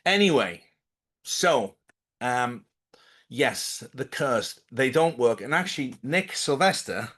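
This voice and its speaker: A man's voice: mid-range voice, fairly bright tone. A man hosting a live stream, talking casually to camera in a defiant, rambling way with sudden emphatic rises. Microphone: camera mic.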